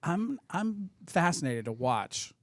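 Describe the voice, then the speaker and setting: A man's voice: fairly high pitch, sing-song, slow pace, no echo. A man appearing as a guest on a talk show, chatting casually and reading news stories aloud with sarcastic asides. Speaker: actor guest. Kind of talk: casual chat.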